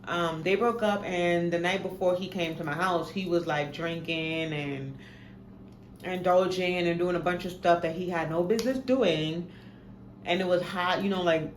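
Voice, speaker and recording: Young New woman vlogger, low voice, dramatic storytelling, roomy echo with faint noise. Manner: animated, profane, dramatic retelling. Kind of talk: casual storytime. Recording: echoey room, faint background noise.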